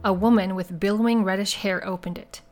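A woman narrates a crime audiobook in a measured, even delivery at an ordinary middle pitch. Soft music plays faintly beneath her voice. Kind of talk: scripted narration.

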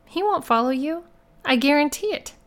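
A woman's voice: high voice, lively intonation, normal speed, pitched above the performer's own voice. A woman voicing Joe, a bold, self-assured male investigator, in an audiobook reading. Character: cocky male private investigator, calm and bold.

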